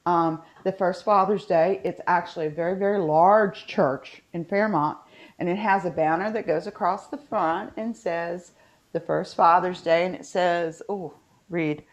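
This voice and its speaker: Her voice runs fairly low and unhurried as this West Virginia woman, a podcast co-host with a Southern Appalachian accent, chats casually over a video call. She rambles along with plenty of fillers.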